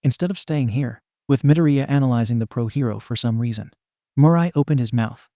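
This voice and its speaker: Mellow-voiced man reading a story. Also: medium pitch, brisk, no room sound, studio quality. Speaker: narrator. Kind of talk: reading fan fiction aloud.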